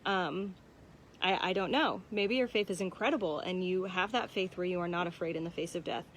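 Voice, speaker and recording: A woman's voice: on the low side, a little fast. A young adult woman giving a casual church devotional, conversational and candid, with many "um"s and "like"s. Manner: conversational, frequent "um" and "like", personal and candid. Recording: faint background noise.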